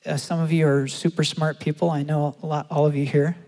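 A man preaching a sermon and telling a story, acting out the quotes with animated delivery. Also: a little high, brisk. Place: large church hall. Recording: long hall reverb.

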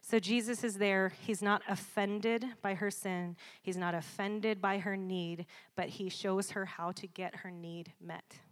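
A woman preaching a sermon in a lively, conversational way, laughing often and calling for responses from the congregation. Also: medium pitch, a little slow, few pauses.

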